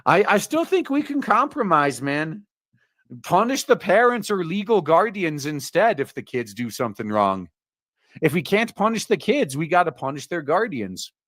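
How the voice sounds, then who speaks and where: A man's voice: a little high, big pitch swings, normal speed, fairly bright tone, no echo, studio quality. A man hosting a commentary stream, reading news articles aloud with many fillers and adding sarcastic asides. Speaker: host reading news stories. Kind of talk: casual commentary on read-out articles.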